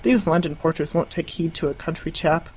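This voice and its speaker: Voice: medium pitch, brisk, darkish tone, breathy edge, close to an everyday voice, poor audio. A narrator voicing an earnest country man with a quivering, solemn manner.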